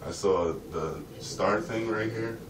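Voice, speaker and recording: A vlogger rambles through a profane, streetwise monologue in a lowish, slow voice. The sound is roomy and echoey, captured from a distant mic with faint ambient noise.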